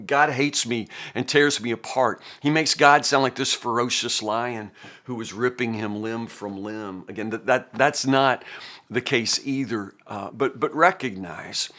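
A man's voice: medium pitch, pushed and bright. A man in his fifties, a pastor, teaching a Bible passage in an earnest, folksy, conversational way and often restarting his sentences.

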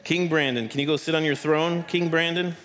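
Breathless but quick, this man speaks with a fairly high, slightly bright voice and keeps his intonation fairly even. He's running a family Bible lesson at church, cheering the kids on and teasing them playfully. The setting is a church hall with people listening.

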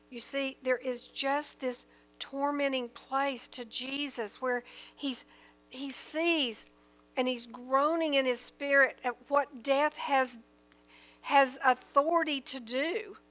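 A woman with a high voice gives an earnest Bible teaching. She talks at an unhurried pace, reading verses aloud and stressing the key points. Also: fairly bright tone. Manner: earnest and emphatic, reads scripture aloud then explains it. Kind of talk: sermon-style Bible teaching.

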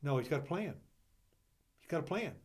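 A man's voice: a little high, animated, moderate pace, a little mellow. A man co-hosting a Bible discussion, fervent, rising into impassioned preaching with repeated rhetorical questions. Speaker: church Bible study co-host.

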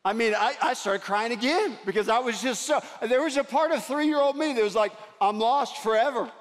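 A man preaching a sermon, telling a personal story in an earnest way that swings from loud to hushed. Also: very high-pitched, a little fast. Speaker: pastor. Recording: long reverb of a large hall.

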